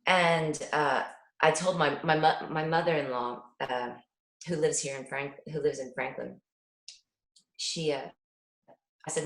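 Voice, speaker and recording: A woman's voice: low-pitched, a little slow, long pauses, roomy sound, poor audio. A middle-aged mother answering an interviewer, speaking earnestly and acting out little dialogues as she tells stories. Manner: earnest, animated storytelling with quoted dialogue. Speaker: parent guest.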